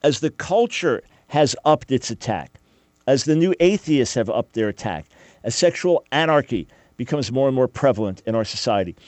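A man's voice: mid-range voice, a little mellow, dry recording. A man hosting a radio talk show, preaching fervently and emphatically, often repeating his phrases.

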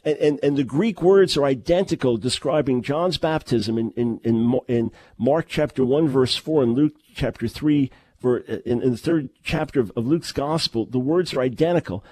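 A man's voice: medium pitch, normal speed, a little mellow. A middle-aged man preaching a sermon, emphatic and full of rhetorical questions, often restarting his words. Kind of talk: sermon-style teaching.

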